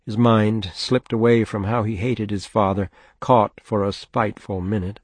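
A man narrating a novel in a steady, measured audiobook reading. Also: on the low side, dry recording.

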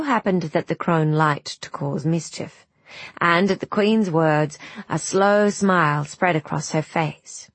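A woman narrates a fairy tale in a measured, gentle way, her voice a little low and breathy. She reads very slowly and deliberately. The recording is dry and close. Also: no echo. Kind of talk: scripted storybook narration.

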